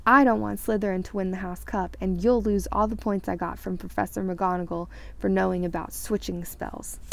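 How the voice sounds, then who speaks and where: A woman's voice: normal speed, warm tone, lightly acted. A woman voicing a bossy know-it-all schoolgirl who snaps and hisses at the boys. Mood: scolding. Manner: snappish, shrill, hissing.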